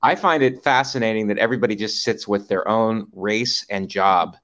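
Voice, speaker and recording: Halting deadpan man host. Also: lowish voice. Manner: halting, deadpan, many fillers. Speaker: podcast host. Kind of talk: casual comedy podcast banter.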